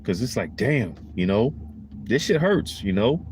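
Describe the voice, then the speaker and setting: Low-voiced man preaching in rambling slang. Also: sing-song, measured pace, a little mellow, slight background noise. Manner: rambling, emphatic, slangy, repeats "man" and "you know". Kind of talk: casual preaching monologue.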